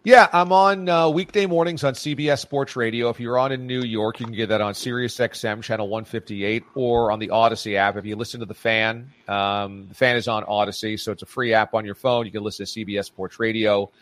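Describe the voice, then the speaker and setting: A man's voice: lowish voice, fairly even intonation, a little fast, few pauses, a bit bright, dry recording. A man guesting on a sports radio show, talking in a casual, emphatic way and repeating phrases for punch. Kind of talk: casual radio interview chat.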